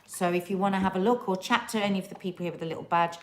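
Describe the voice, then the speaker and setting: A woman's voice: mid-range voice, rapid-fire. Woman co-host, casual live-chat delivery, talkative and loose. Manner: chatty, drifting into put-on accents and bursts of song. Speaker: co-host of a family YouTube channel.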